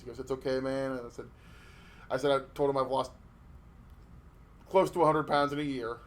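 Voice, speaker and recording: A man co-hosting a casual podcast, telling stories in an animated way with lots of swearing and restarts. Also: mid-range voice, quick pace. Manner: animated storytelling with profanity and restarts. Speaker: podcast co-host.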